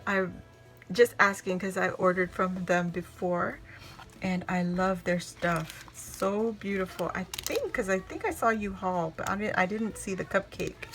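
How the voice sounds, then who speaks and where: A woman from Hawaii narrates as she opens a box of handmade craft gifts, gushing and exclaiming over every detail. She talks slowly and chattily, and a clear music track plays beneath her voice. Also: on the low side. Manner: gushing, excited exclamations with gasps and laughs. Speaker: crafting vlogger opening happy mail. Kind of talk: casual unboxing chat. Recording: music playing in the background.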